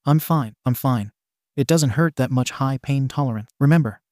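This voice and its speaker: A man's voice: medium pitch, normal speed, darkish tone, dry recording, studio quality, lightly acted. A man voicing a cheerful, devoted teenage son in a storybook reading, earnest and eager.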